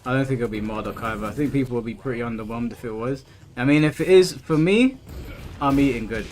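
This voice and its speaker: A man in his thirties with a slightly mellow, mid-range voice talks fast during a laid-back gaming stream. He reads chat out loud, tripping over and repeating words, against a backdrop of game music.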